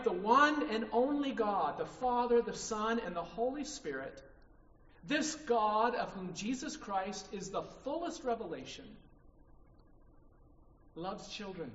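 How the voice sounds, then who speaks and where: Higher-voiced preacher in an echoey hall. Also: male voice, fairly bright tone. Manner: emphatic, repeats "right?" to the congregation. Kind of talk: sermon. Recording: distant, echoey hall, dull sound.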